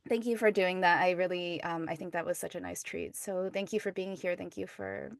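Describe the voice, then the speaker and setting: A woman's voice: fairly low pitch, steady tone, a little fast, gravelly, no room sound. Bubbly woman host chatting w a guest, trips over her words, laughs a lot, dry mic. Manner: chatty, bubbly, stumbling restarts and frequent laughs. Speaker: podcast host. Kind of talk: casual interview chat.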